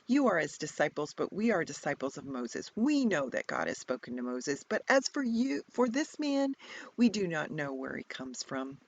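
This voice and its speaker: A woman's voice: mid-range voice, expressive, moderate pace, few pauses, dry recording, lo-fi sound, pitched above the performer's own voice. A woman reading the lines of stern religious leaders who speak in a reviling, accusing way.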